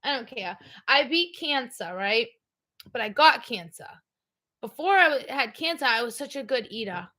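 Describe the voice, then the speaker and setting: A woman's voice: fairly high pitch, lively intonation, moderate pace, sharp tone. A middle-aged woman hosting a livestream, chatting casually in a blunt, rambling way. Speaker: livestream host. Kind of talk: casual chat.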